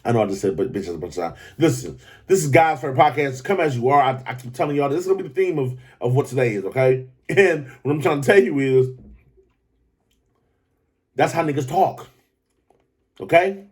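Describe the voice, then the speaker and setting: A man hosting a podcast, talking in a loose, profane, animated commentary style that keeps jumping up into excited high pitches. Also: a little fast. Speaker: podcast host. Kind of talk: casual commentary monologue.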